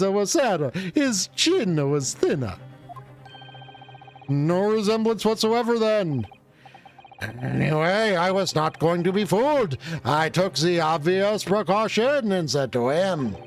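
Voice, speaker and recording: A man voicing a boastful, theatrical Italian witness with a put-on Italian accent, telling his story with showy, dramatic pauses. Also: high-pitched. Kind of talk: voicing game characters.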